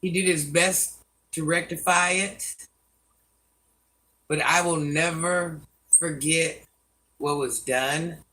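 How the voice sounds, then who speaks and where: A woman's voice: sits low, fairly even intonation, slow, pauses often, pushed and bright, distant mic, low-quality recording. An older woman hosting a live stream, scolding commenters by name and chatting with viewers. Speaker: livestream host.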